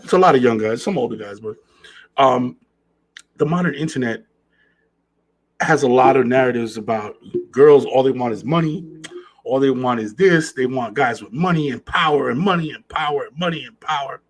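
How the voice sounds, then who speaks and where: A man's voice: mid-range voice, moderate pace, rough recording. A man hosting a podcast, talking earnestly in a casual monologue and repeating phrases for emphasis. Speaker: podcast host.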